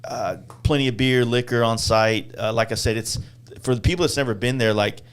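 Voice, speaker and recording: A man's voice: mid-range voice, fairly quick, a little hiss or hum. A man co-hosting a motorcycle event, chatting casually on a podcast in a loose, rambling way. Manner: loose, rambling, laughs often.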